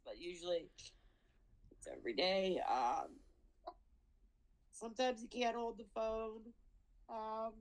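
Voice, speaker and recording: Her voice slightly high and the audio poor, a woman makes a tearful plea for her father over a video call during a hearing. She speaks haltingly, often repeating herself.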